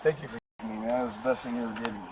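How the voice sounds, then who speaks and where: A man's voice: medium pitch, big pitch swings, rapid-fire, creaky, rough recording. A man in his forties, swearing and pleading with police in erratic outbursts, caught outdoors on a body camera. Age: 40s. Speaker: detained man. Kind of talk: bodycam footage. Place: outdoors at an apartment. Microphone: officer's body camera.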